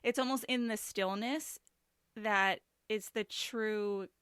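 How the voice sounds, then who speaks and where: A woman hosting a podcast interview, reflective and thinking aloud with pauses. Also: medium pitch, steady tone, a bit bright, clear, resonant tone, no echo, clean studio sound. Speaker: podcast host. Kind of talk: casual conversational interview.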